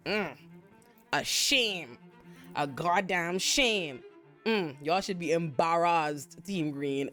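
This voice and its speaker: A woman hosting a casual TV recap, talking in an animated and profane way with sudden jumps in pitch. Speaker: TV recap host.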